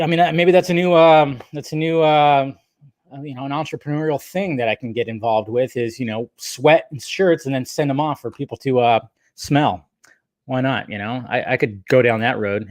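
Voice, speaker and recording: A man's voice: mid-range voice, no echo, studio quality. A man hosting a film news live stream, chatting casually and rambling as he reads out viewer comments, with loose, profane talk.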